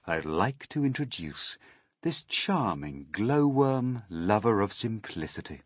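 A man's voice: on the low side, very animated, takes it slowly, husky, dry recording, studio quality. A man reading a rhyming children's story aloud in a sing-song, rhythmic, playful way.

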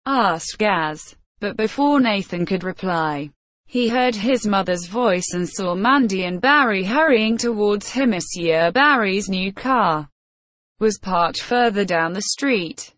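A woman narrating a story in an even, deliberate reading. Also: mid-range voice, dry recording. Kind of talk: scripted narration.

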